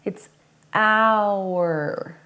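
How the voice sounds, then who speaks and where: Patient woman vocal coach, slow and clear. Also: medium pitch, muffled recording. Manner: patient, practical coaching, breaks into bright sung examples. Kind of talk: singing lesson with sung demonstrations.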